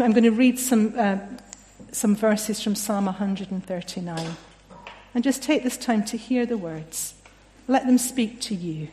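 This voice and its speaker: A woman preaching a sermon in a gentle, reflective way, often dropping softly in volume. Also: mid-range voice. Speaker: family and children's worker preaching. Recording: long echo of a hall.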